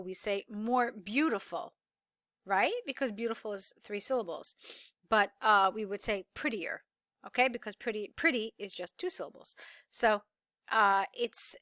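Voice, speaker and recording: A woman tutor talking through an essay correction, reading the student's sentences aloud and explaining them slowly and encouragingly. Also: mid-range voice, sharp tone, no echo, studio quality. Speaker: English tutor.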